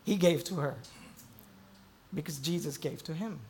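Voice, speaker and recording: High-voiced male pastor preaching a sermon. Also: normal speed, a little hiss or hum. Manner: swings from hushed, low storytelling to loud, rising emphasis.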